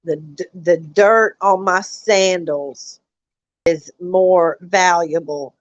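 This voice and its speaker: A woman ranting on her live stream, slow and deliberate, swearing freely and repeating herself as she talks to her viewers. Her voice is recorded dry and a little dull, like a cheap lo-fi mic. She calls her audience y'all. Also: lowish voice, fairly even intonation, no room sound. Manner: angry, profane, repeats herself, addresses chat as y'all.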